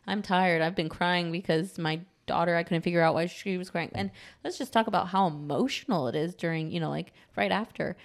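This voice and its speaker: A woman in her thirties co-hosting a podcast in casual chat, candid and quick to laugh, often checking in with "right?". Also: on the low side. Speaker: podcast co-host.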